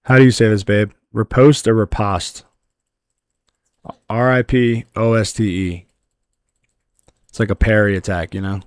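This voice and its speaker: Male game streamer, easygoing chat, lowish voice, dry close recording. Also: normal speed, pauses often, dry recording. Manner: relaxed, talks to chat while playing; yells with excitement at lucky loot drops. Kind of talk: casual gameplay livestream chat.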